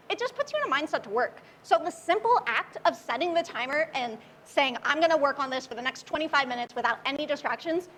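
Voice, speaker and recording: A woman's voice: high-pitched, fairly bright tone, a little hiss or hum. A young woman from Oklahoma giving a casual, upbeat and chatty talk at a tech meetup. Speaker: meetup speaker.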